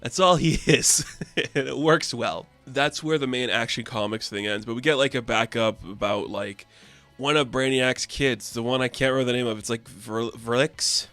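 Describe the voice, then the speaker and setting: A man's voice: mid-range voice, moderate pace, fairly bright tone, clear, resonant tone, faint music behind. A man casually reviewing a comic issue with offhand, slangy asides. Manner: laid-back, offhand, recaps with slangy asides.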